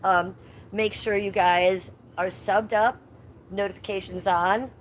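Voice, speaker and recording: A woman's voice: mid-range voice, steady tone, a little slow, a little hiss or hum. A woman hosting a casual livestream from home, chatty and easily sidetracked, slipping into playful baby talk. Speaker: livestream host. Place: outdoors at home, yard with trees.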